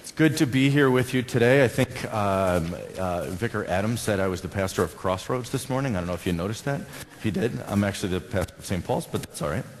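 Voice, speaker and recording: A man's voice: on the low side, fast, slight background noise. A male pastor with an American accent, preaching a conversational sermon and putting questions to his congregation. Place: church sanctuary. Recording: long church reverb.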